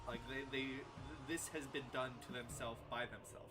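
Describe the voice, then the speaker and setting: A man narrating as game master in a tabletop game, descriptive and measured with frequent fillers. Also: mid-range voice, steady tone, music in the background.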